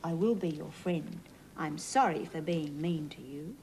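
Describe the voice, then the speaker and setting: A woman voicing a male talking tractor who softly says sorry, in a children's storybook reading. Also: sits low, measured pace, a little hiss or hum, pitched below the performer's own voice, poor audio.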